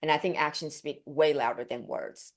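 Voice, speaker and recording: Female actress, interview guest, animated and chatty storyteller who acts out quotes. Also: moderate pace. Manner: animated storyteller, laughing, acting out quotes with pitch leaps; chatty, many fillers and restarts.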